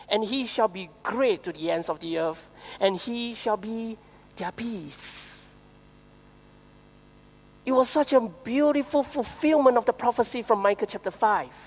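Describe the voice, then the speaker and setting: A woman with a Singaporean English accent preaches a sermon in a fairly high voice, asking her listeners rhetorical questions. She slows down to read scripture aloud. Her words ring out with the long reverb of a church hall. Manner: lively storytelling with rhetorical questions, reads scripture slowly.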